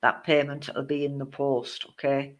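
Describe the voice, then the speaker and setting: A man's voice: mid-range voice, level tone, moderate pace. A man giving a live-streamed psychic reading, reassuring the viewer with endearments and greeting others as they join. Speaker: psychic medium.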